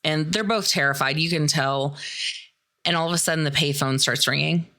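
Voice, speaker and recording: A woman's voice: low-pitched, normal speed, bright, forceful tone. A woman from the Midwestern US hosting a podcast, recapping a film in a chatty, sarcastic way with plenty of swearing. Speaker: podcast host. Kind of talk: casual movie recap commentary.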